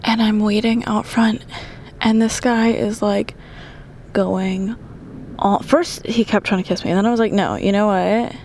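Young woman with a gravelly, chatty voice. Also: medium pitch, fairly even intonation, unhurried, darkish tone, slight background noise. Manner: chatty, profane, often whispering asides. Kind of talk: casual storytelling.

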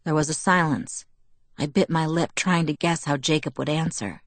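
Woman audiobook narrator, lowish voice, dry close recording, steady first-person telling. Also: moderate pace, no room sound.

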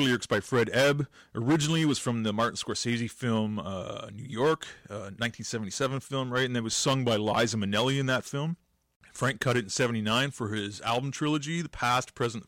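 A man's voice: mid-range voice, fairly bright tone, no echo, clean studio sound. A man hosting a casual countdown show, chatty and enthusiastic, often tagging lines with "man" and "right?". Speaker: host.

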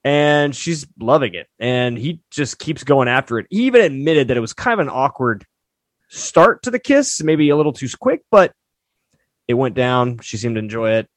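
A man's voice: mid-range voice, animated, normal speed, no room sound. A man with a mid-range voice recaps a TV show in a loose, chatty podcast style. He fills his sentences with "like" and restarts often. The sound is dry and close-miked. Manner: loose and filler-heavy, often saying "like". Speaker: podcast co-host. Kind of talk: casual chat, recapping a TV show.

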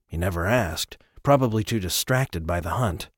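A man reading an audiobook, voicing a serious soldier who speaks low, calm and firm. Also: moderate pace, slightly rough, no room sound, studio quality.

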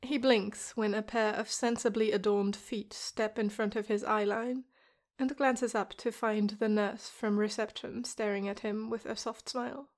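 Slow, calm woman reading a story. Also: mid-range voice. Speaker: podfic reader. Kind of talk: storybook narration.

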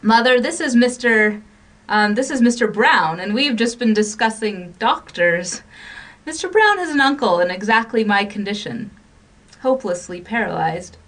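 A woman doing a teasing, mysterious young woman in a radio storybook, soft and breathy in her romantic lines. She sounds a little off-mic. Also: on the high side, lively intonation, moderate pace, far from the mic. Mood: bright. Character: young woman, teasing, secretly paralyzed, bold.

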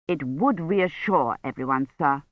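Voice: mid-range voice, a little slow, dry recording, muffled recording, pitched below the performer's own voice, lightly acted. Narrator doing an anxious, fussy manservant. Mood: fretful. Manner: anxious, fretful, deferential. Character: anxious, fussy male college servant.

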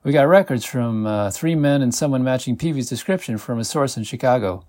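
A man's voice: mid-range voice, a little fast, a little mellow, natural voice. A man voicing a blunt, weary middle-aged FBI agent who talks in a matter-of-fact way. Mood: gruff.

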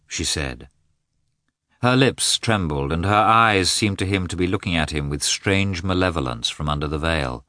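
A man narrating a classic novel as an audiobook, in an expressive, measured telling. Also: extremely low pitch, no room sound, clean studio sound.

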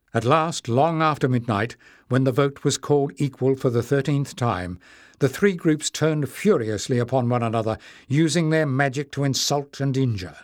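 A man reading a fantasy audiobook as narrator, in a measured storytelling delivery. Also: medium pitch, no room sound, studio quality.

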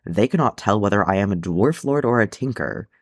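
A man's voice: on the low side, animated, a little fast, no room sound, studio quality. A man voicing a grown dwarf son who grumbles wearily but stays dutiful. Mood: grumbling. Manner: grumbling, sighing.

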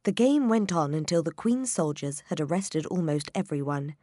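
A woman narrating a children's storybook in a measured, expressive reading. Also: sits low, no echo, clean studio sound.

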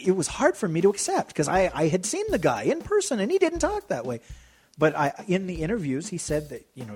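An American man talking casually on a podcast, chatty and full of jokes. He wanders from point to point at an easy conversational pace. Soft music plays faintly beneath his voice. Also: a little high. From United States. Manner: chatty, jokey, digressive. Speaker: podcast co-host. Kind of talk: casual chat.

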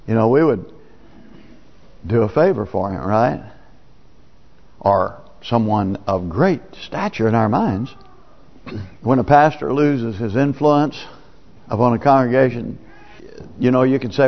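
Speaking in a plain, folksy, conversational manner, a male pastor preaches in a church sanctuary. His medium-pitched voice is expressive, measured in pace and broken by long pauses, and the dull, lo-fi recording has a long reverb.

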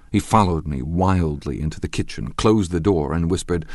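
A man narrating an audiobook in a measured, wry storytelling manner. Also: sits low, a little mellow, no room sound, studio quality. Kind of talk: scripted narration.

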